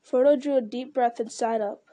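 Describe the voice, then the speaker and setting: A woman reads a story aloud in a measured, steady way. Her voice is mellow and warm, sitting slightly high. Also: no echo. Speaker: narrator. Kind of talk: audiobook reading.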